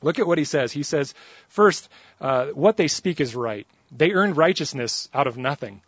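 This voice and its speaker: A man preaching a sermon, telling a funny personal story in an animated, joking way. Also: on the high side, normal speed, slightly rough, no echo, dull audio.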